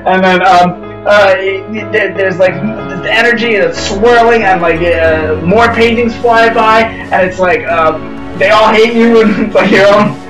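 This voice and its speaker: High-voiced rambling male game master. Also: measured pace. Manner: rambling, excitable, many fillers, sound-effect yelps. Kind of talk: narrating a tabletop game. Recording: roomy echo from a distance, music behind.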